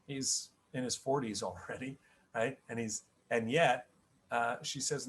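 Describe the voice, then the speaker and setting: A middle-aged rabbi teaches the weekly Torah portion in a conversational spoken lesson. His medium-pitched voice is fairly bright and measured in pace, and he often restarts his sentences and checks in with "right?".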